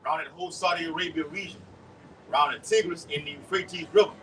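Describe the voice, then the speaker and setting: A man preaching live outdoors and leading the teaching, with a lively, repetitive delivery, calling on others to read verses. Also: a little high, fast talker. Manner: animated, repeats words, calls for scriptures. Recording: distant mic with faint street noise.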